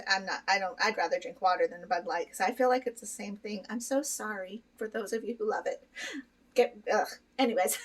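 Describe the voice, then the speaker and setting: A middle-aged woman chatting candidly to her viewers in a casual vlog, full of fillers and quick laughs. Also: medium pitch, distant mic, rough recording. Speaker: vlogger. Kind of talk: casual chat to camera.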